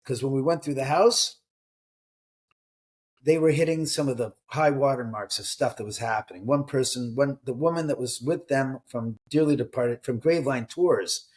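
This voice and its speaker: A middle-aged man, an author and homeowner, telling animated stories in an interview and acting out what people said. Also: mid-range voice, moderate pace, slightly rough. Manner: lively anecdotal storyteller, acts out dialogue.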